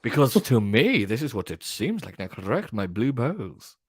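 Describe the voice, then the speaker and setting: A man's voice: mid-range voice, sing-song, moderate pace, breathy edge, dry recording, studio quality. A man co-hosting a casual political chat show, joking around and laughing as he mocks the way other people talk. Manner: jokey, laughs often, mocks voices. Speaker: co-host.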